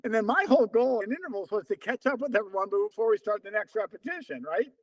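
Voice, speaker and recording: Sitting high in pitch and talking fast, a man roughly seventy years old recounts stories during an interview. He's a veteran distance runner, lively and conversational, voicing remembered exchanges as quoted dialogue.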